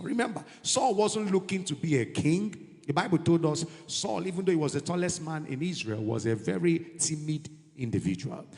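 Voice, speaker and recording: A man preaches an animated sermon and slips into pidgin asides. His voice sits fairly high and carries a gravelly rasp. A long reverb from the church hall trails each phrase. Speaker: pastor.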